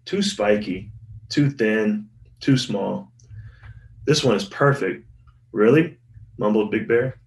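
Low-voiced man reading a children's storybook. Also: slow, pauses often, far from the mic. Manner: expressive, voices the characters' lines. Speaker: guest reader. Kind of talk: storybook read-aloud. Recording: roomy sound from off-mic, soft music behind.

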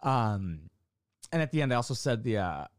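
A man rambles through a casual vlog chat about doing stand-up, full of fillers, restarts and casual swearing. His voice sits at an ordinary middle pitch. The sound is dry and close, with no room around it. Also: big pitch swings, normal speed, no room sound. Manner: rambling, profane, many fillers. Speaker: amateur stand-up comic.

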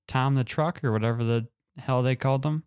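A man's voice: medium pitch, fairly even intonation, brisk, darkish tone, clean tone. A man co-hosting a casual podcast, reacting to stories with dry, sarcastic jokes. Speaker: podcast co-host. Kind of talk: casual chat.

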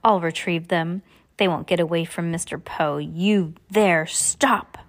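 Woman reading as an officious, pompous gentleman, stiff and shouty, storybook reading. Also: fairly low pitch, measured pace. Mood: firm. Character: fussy pompous man, a banker guardian.

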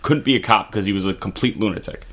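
A man's voice: fairly low pitch, fast, a bit bright. A man giving blunt, profane political commentary in casual chat, co-hosting a talk video.

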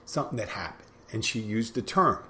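Guy with a lower voice, bartender podcast host, rambles and repeats stuff, acts out the back and forth. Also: lively intonation, a little fast, bright, forceful tone, a little hiss or hum. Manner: rambling, repeats phrases, acts out both sides of dialogue. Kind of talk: casual storytelling monologue.

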